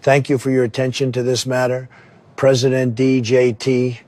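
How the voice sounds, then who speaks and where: A man's voice: mid-range voice, level tone, normal speed, darkish tone, no room sound, clean studio sound, natural voice. A man reading a satirical parody statement in a mock presidential voice.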